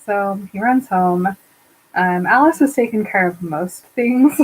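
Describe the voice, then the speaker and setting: A woman's voice: mid-range voice, unhurried, low-quality recording. A woman co-hosting a podcast, casually retelling a book chapter and acting out the characters' lines with frequent laughs. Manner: retells scenes with quoted character voices, laughing often. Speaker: podcast co-host. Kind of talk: casual book recap chat.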